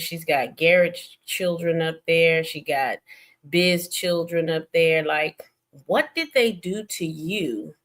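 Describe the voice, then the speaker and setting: A young woman with a Southern American accent hosting a casual gossip stream, animated and laughing often, swinging between loud and soft. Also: on the low side. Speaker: stream host.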